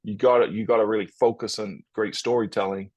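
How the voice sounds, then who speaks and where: Male podcast co-host, low voice, dry close sound, upbeat casual talker. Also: fairly even intonation, fast, a little mellow, breathy edge, dry recording.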